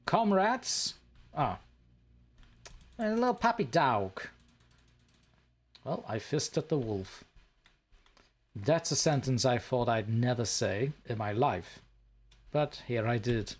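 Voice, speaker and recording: A man's voice: medium pitch, slow pace, darkish tone, husky. A man hosting a let's play, joking and sarcastic as he talks to the creatures in the game. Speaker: gaming channel host.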